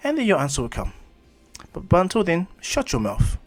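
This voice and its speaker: A man voicing a calm, aloof young male ninja turned god, speaking in a lofty, lecturing way. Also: medium pitch, a little fast, close to an everyday voice. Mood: stern.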